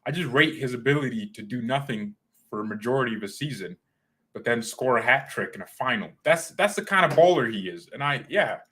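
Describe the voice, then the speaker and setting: A young man hosting a casual fan livestream, talking in an animated, slangy, excitable way. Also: medium pitch, brisk, slightly rough. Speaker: fan channel host.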